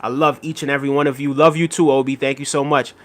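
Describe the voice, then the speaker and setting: Man, livestream host, casual chat, reads comments aloud, shout-outs, relaxed, repeats himself. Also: medium pitch, fast talker. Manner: relaxed, repeats phrases, frequent fillers.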